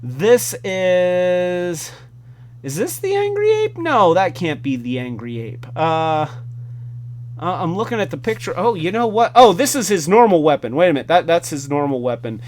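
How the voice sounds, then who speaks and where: A man's voice: fairly high pitch, sing-song, moderate pace. A man hosting a casual hands-on toy review, enthusiastic and rambling. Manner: enthusiastic, rambling with fillers and restarts.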